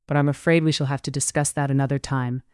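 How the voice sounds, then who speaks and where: A narrator voicing a spirited young woman heroine in an audiobook, in a measured read. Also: mid-range voice, level tone, darkish tone, clear, resonant tone, no echo, clean studio sound, lightly acted. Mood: curious.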